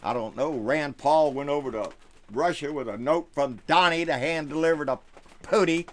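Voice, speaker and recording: A middle-aged man with a Texan accent hosting a live stream political rant, folksy, with quiet asides and loud outbursts. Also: mid-range voice, brisk.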